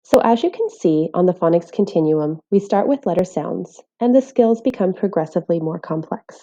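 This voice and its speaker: Mellow woman teaching phonics, dull recording. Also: fairly low pitch, lively intonation, moderate pace. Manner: clear, careful, sounding out letters. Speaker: literacy teacher. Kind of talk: scripted instructional voice-over.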